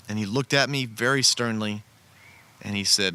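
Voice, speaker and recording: Bright-voiced male storyteller, earnest and conversational, recorded outside by a fire. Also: fairly low pitch, moderate pace, clean tone. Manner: earnest, conversational, with frequent restarts. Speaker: storyteller sharing a personal testimony. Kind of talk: casual spoken storytelling. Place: outdoors beside a campfire.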